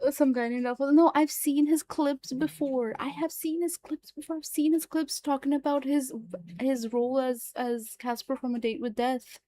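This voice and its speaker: A woman streamer and voice actor chatting live on stream, excitable and repetitive, swearing freely. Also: high-pitched, normal speed. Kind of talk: casual livestream chat.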